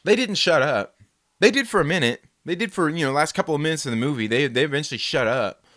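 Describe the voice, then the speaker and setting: A man hosting a casual chat, rambling and animated as he tells a story, swearing freely and acting out the people in it. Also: a little high, fast, no echo, clean studio sound. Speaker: host.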